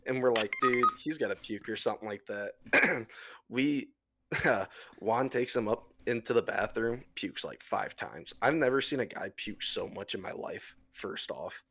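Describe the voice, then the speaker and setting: A young man co-hosting a podcast, talking loosely and swearing freely as he tells a story. He has a middle-pitched voice and an easygoing, offhand delivery. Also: animated, unhurried, vocal fry, fairly bright tone. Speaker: podcast co-host. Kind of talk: casual chat.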